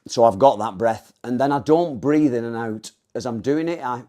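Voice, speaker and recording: A man's voice: mid-range voice, moderate pace, warm tone. A man coaching on breathing and stance for mixed martial arts in a rambling, self-correcting instructional talk. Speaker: MMA coach.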